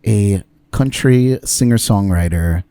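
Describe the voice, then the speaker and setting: A man hosting a show, putting on a slow, soothing interviewer voice for a spoof segment. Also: on the low side, mellow, clear, resonant tone, dry recording, pitched below the performer's own voice. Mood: mock-formal. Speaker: host. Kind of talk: mock interviewer impression.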